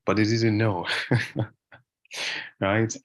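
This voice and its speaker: A man chatting casually as an interview guest, relaxed and rambling, with many fillers and restarts. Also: on the low side, extremely slow. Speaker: guest English speaker.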